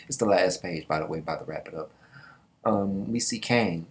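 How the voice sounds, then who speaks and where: A man hosts a casual manga reaction and comments in loose slang. He often breaks into laughing asides. His voice sits on the low side. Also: normal speed.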